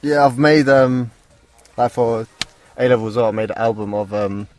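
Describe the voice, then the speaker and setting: A man's voice: mid-range voice, little pitch movement, moderate pace, darkish tone. A young man who is a guest on a casual radio show. He speaks hesitantly and fills his talk with ums and likes. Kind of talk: casual chat.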